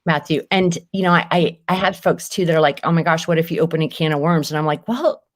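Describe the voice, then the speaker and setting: A woman's voice: low voice, steady tone, quick pace. A woman educator speaking as a podcast guest, affirming and agreeing often in casual conversation. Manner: warm affirming listener, frequent agreement.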